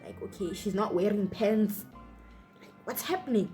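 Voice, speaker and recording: A woman's voice: medium pitch, normal speed, mellow, faint music behind. A young woman from Botswana with a Botswana accent, telling a personal story on her vlog in a chatty way full of fillers. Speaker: YouTuber.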